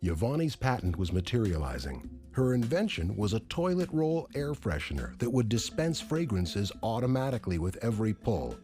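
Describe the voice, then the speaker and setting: Deep male narrator, dark warm tone, expressive melodic reading, faint music bed. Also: moderate pace. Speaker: documentary narrator. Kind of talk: scripted narration.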